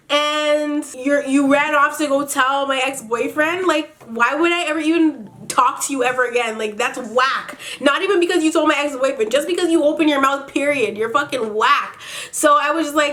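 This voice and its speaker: Young woman vlogger, higher voice, blunt and sassy storyteller, swears freely, laughs often. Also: normal speed, a bit bright. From Canada. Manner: laughs often, big swings in pitch. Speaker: beauty vlogger. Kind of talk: casual storytime.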